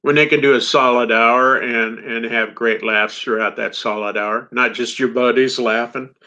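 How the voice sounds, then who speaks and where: Middle-aged male comedian, animated anecdote teller with a bright, forceful tone; dull lo-fi recording. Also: medium pitch, moderate pace. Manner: animated anecdote teller, acts out quoted dialogue. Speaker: comedian guest. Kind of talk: storytelling in a podcast interview. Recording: dull lo-fi sound.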